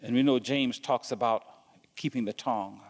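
A man's voice: medium pitch, moderate pace, long reverb tail. A man preaching a sermon as pastor, stumbling and repeating words as he goes and asking the congregation questions.

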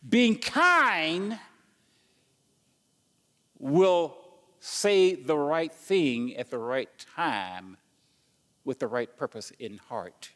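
A man's voice: mid-range voice, slow pace, darkish tone, long reverb tail. A man preaching a sermon as pastor, stumbling and repeating words as he goes and asking the congregation questions.

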